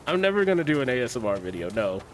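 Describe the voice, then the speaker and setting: A man's voice: medium pitch, very animated, racing, slight background noise. A young man streaming a game, chatting casually, joking, swearing and laughing often. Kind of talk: casual livestream chat.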